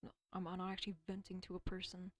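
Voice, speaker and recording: A woman's voice: on the low side, monotone, fast talker, no room sound. A woman rambling alone on a casual stream, swearing often, stumbling over words and dropping into whispers now and then. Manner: rambling, profane, self-deprecating.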